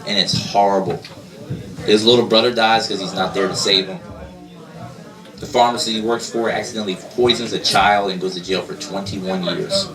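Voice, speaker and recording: A man's voice: on the low side, steady tone, normal speed. A man performing a stand-up comedy set on a club stage, self-deprecating and laughing between lines. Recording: distant mic, loud crowd laughter.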